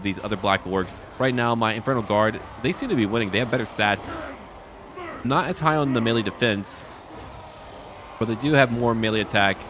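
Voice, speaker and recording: A man giving excited live commentary over a strategy game battle, joking and talking to the enemy. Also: medium pitch, a little hiss or hum. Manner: excitable, talks to enemy units and jokes. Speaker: gaming YouTuber.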